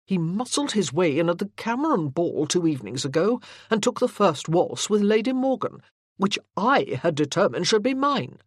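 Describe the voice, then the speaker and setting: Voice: mid-range voice, very animated, moderate pace, no echo, studio quality. A narrator voicing a jealous, irritated young army captain in an audiobook. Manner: irritated and stiff. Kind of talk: audiobook character voice.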